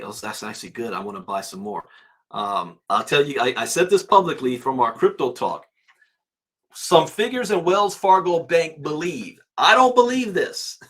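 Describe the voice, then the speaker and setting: A man hosting a crypto channel, casually reading out prices and headlines and musing aloud with quick asides. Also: medium pitch, a bit bright, breathy edge.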